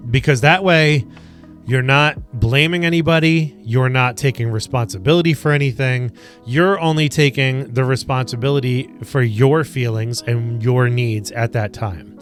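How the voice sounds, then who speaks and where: A man talking to camera about handling anger, earnest and rambling, slow and deliberate, with many ums and you-knows. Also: medium pitch, soft background music. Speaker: wellness coach. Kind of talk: self-help talk to camera.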